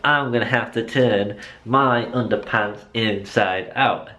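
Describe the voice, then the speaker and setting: A man's voice: lowish voice, slow, bright, forceful tone. A young man chatting in a rambling, self-mocking way as a vlogger. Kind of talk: casual vlog chat.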